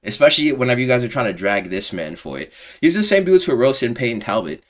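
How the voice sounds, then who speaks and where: A man's voice: medium pitch, very animated, quick pace. A man giving casual, profane, exasperated commentary on a combat sports fan community, full of slang. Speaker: MMA commentary YouTuber.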